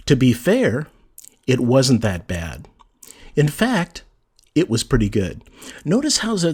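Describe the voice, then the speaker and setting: A man teaches writing in a relaxed, conversational way. His voice is slightly husky, and his pitch moves a lot as he reads example sentences aloud with emphasis. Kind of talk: casual spoken lesson.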